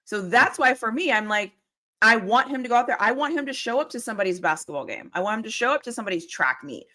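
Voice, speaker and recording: Speaking fast with a slightly high, sharp-toned, animated voice, a Pittsburgh-area woman chats casually about football as a co-host on a live stream. She calls in from home over video, rambling and breaking into laughter often.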